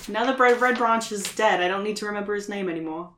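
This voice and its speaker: A woman's voice: medium pitch, fast talker, a bit bright, reverberant, slight background noise. A woman playing a tabletop game, joking casually and laughing often with the group. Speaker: player.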